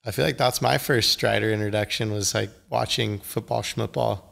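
A man's voice: lowish voice, steady tone, moderate pace, vocal fry, fairly bright tone. A young man hosting a casual interview, mostly reacting with short, eager replies. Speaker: podcast host, pro surfer.

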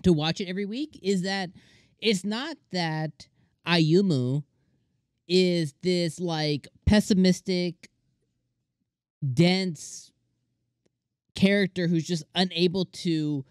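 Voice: mid-range voice, dry recording. Enthusiastic rambling anime reviewer, dry sound. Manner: enthusiastic, rambling, with many restarts and fillers; acts out characters' lines in quick voices. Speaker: anime reviewer, channel host. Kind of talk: casual anime episode review.

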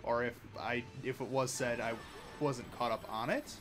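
A man hosting a live racing game stream, chatty and excitable, talking to chat and to his cat at home. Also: moderate pace, soft background music. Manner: excitable, chatty, bursts into high-pitched baby talk with his cat. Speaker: livestream host. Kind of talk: live gameplay commentary.

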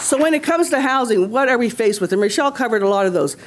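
A woman's voice: fairly high pitch, lively intonation, fast, crowd noise, noisy background. A woman from Nova Scotia, a community leader speaking on a conference panel in a rousing, rhetorical way, repeating phrases for emphasis. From Nova Scotia, Canada. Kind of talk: impassioned panel talk.

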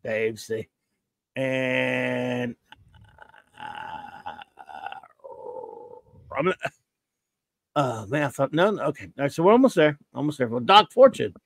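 A man's voice: medium pitch, animated, takes it slowly, vocal fry, long pauses, no room sound. A man hosting a live stream, rambling and joking as he greets viewers in the chat. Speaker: podcast host.

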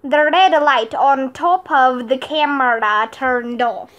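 A woman reading a children's book aloud, in slow, clear storybook narration. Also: sits high, fairly bright tone.

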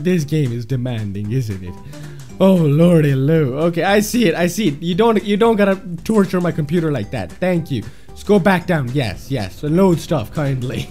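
A man commentating his own driving game, exasperated and self-mocking, yelling at the game when things go wrong. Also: high-pitched. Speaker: gameplay commentator. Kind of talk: gameplay commentary.

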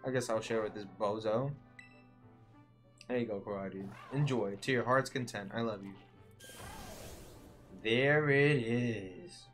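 A man's voice: lowish voice, measured pace, pauses often, fairly bright tone, soft background music. Joking man doing let's-play commentary. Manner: joking, slangy, talks to the game characters. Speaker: gaming video creator.

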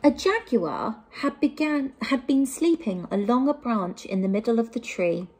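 A woman teacher from England reading a picture book aloud to young children, with gentle asides to them. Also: fairly high pitch, lively intonation, moderate pace, husky.

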